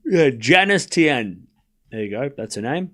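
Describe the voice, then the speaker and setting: Fairly bright and pitched on the high side, this male voice belongs to a live tennis watchalong host who calls the score and chats casually with viewers. His manner is chatty and aimed straight at his live chat, with quick asides and restarts.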